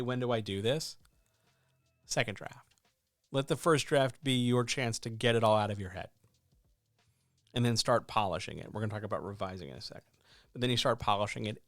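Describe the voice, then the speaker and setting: A man's voice: medium pitch, no room sound, studio quality. A man coaching writers in a casual, emphatic way, often asking rhetorical questions. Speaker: writing coach and editor. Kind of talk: casual instructional talk.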